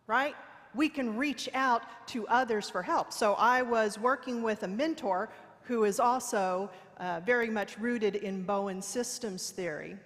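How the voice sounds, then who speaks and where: A woman preacher giving a sermon in a church, telling a candid personal story with playful self-mockery. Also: fairly high pitch. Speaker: guest preacher. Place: church sanctuary. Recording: long reverb of a large hall.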